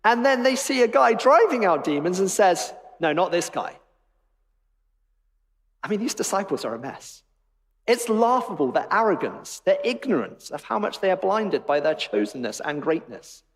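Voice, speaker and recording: A man's voice: high-pitched, big pitch swings, normal speed. A man preaching a sermon in a church, emphatic and wry in tone. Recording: long reverb of a church hall.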